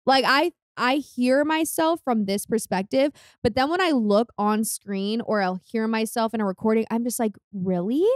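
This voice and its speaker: A young woman in her twenties from California, chatting as a podcast guest in an animated way, laughing often and quoting herself in lively voices. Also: on the high side, moderate pace, hardly any pauses, dry recording, clean studio sound. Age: 20s. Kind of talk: casual chat. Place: podcast studio.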